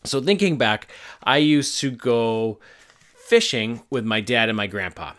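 A man in his thirties from Arizona, hosting his own podcast and telling family stories in a relaxed, joking way. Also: mid-range voice, unhurried. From Arizona, USA. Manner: animated, jokey, does voices in quotes. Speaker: podcast host. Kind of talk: casual storytelling monologue.

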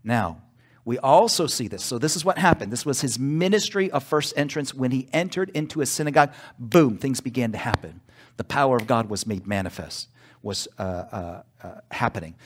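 A man's voice: mid-range voice, expressive, moderate pace. Man, pastor, emphatic sermon, call-and-response asides, church.

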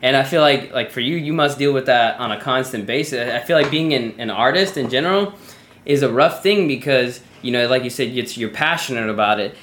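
A man's voice: mid-range voice, fairly quick, fairly bright tone, slight background noise. A man hosting a podcast, talking loosely and profanely in a casual interview chat. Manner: loose, rambling, profane, drops into slangy quotes. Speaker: podcast host. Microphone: podcast microphone. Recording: echoey room.

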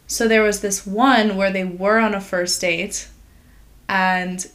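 A woman's voice: mid-range voice, steady tone, slow, fairly bright tone. Chatty woman laughing easily. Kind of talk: casual chat.

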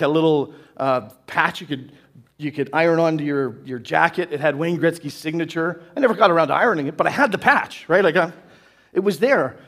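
A man's voice: a little high, a bit bright. A male pastor preaching a sermon in a conversational way to a church congregation, often asking "right?". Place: church hall.

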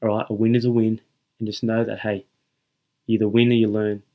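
A man's voice: on the low side, level tone, fairly quick, lo-fi sound. A young man hosting a motivational podcast, talking earnestly and emphatically to his listeners and repeating his key points. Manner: earnest, emphatic and repetitive, addressing listeners as guys. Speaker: podcast host.

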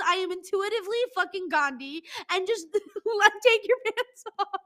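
Bright-voiced profane young woman. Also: very high-pitched, lively intonation, moderate pace, few pauses. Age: 20s. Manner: profane, rambling and self-mocking, with frequent "like". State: stuffy nose. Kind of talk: casual solo talk reading from an article.

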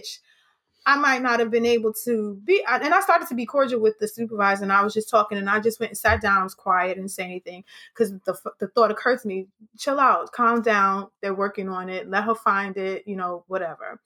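Lively storytelling woman, bright voice. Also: mid-range voice, fairly quick. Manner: animated, swearing, acts out quotes. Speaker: podcast host. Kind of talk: casual storytelling chat.

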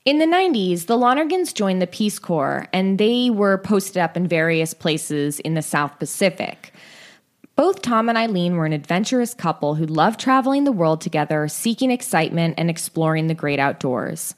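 A young woman hosts a casual true-story podcast with a lowish voice. She is chatty and tired, and her sentences wander with fillers and restarts. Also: lively intonation, moderate pace. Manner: chatty, many likes and restarts. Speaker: podcast host.

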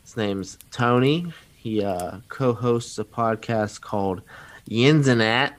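A man hosting a podcast, joking and laid-back, with frequent pauses and fillers. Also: fairly low pitch. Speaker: podcast host. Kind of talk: casual chat.

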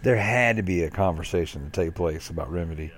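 A man co-hosting a casual gaming podcast, excitable and loose, with lots of "dude" and "like" in his talk. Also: low voice, fast talker. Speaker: podcast co-host.

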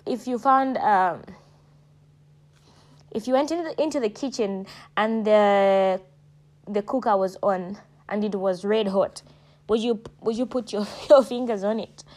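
A woman vlogging casually to her viewers, emphatic and preachy, calling them sweetheart and darling and jumping up in pitch to stress her points. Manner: animated, jumps high in pitch when stressing points. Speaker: vlogger giving advice. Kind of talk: casual direct-to-camera talk.

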